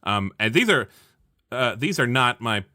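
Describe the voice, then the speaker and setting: Male player, bright and forward voice, dry close sound, rambling and self-interrupting. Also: mid-range voice, sing-song, a little slow, no room sound. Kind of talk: playing a character in a tabletop game.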